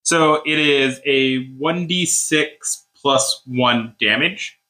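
Bright-voiced man running a tabletop game. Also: medium pitch, very slow. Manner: easygoing, explains rules and narrates scenes. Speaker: game master. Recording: echoey room.

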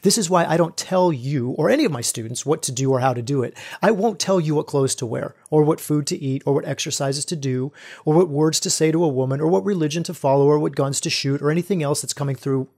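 A middle-aged man hosts a solo podcast as a spiritual coach, speaking in a slightly high voice. He talks earnestly and reflectively, addressing his listeners as brothers. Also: quick pace, darkish tone.

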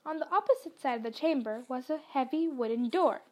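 A woman hosting a podcast and narrating a book chapter in an expressive storytelling manner. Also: sits high, a little fast. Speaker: podcast reader. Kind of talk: audiobook narration.

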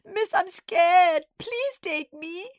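A woman's voice: very high voice, animated, slow, no echo, studio quality, voice pushed up, exaggerated voice. A woman voicing a small schoolgirl who sobs and pleads. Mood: sobbing. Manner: wailing, pleading. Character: sobbing little schoolgirl.

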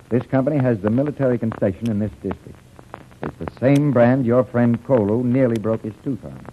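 A man playing a low-voiced, by-the-book army major. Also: natural voice. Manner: measured, officious. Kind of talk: 1940s radio acting. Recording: tinny old radio broadcast, faint hiss.

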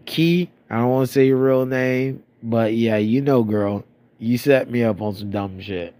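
A man's voice: medium pitch, unhurried, a little mellow, dry recording. A man in his thirties from Florida, telling rambling, profane stories about his past in a casual monologue, a bit stuffy-nosed. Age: 30s. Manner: profane, rambling, laughing at himself. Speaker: storyteller.

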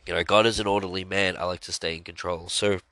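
A man's voice: low-pitched, fairly even intonation, fast talker, sharp tone, no room sound. A man hosting a podcast, talking earnestly and rambling about his faith, with frequent fillers and sighs. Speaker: podcast host. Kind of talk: casual religious monologue.

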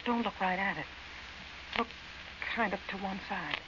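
A woman playing a hushed, frightened young camper on old radio. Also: medium pitch, a little slow, dull audio, natural voice. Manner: hushed, uneasy. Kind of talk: 1940s radio drama acting. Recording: hissy old radio recording, slightly distant.

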